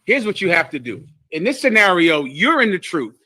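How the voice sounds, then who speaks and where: A man's voice: sits high, very animated, normal speed, pushed and bright, dry recording. A man teaching scripture to a group, lecturing emphatically and acting out the voices he quotes. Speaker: religious teacher.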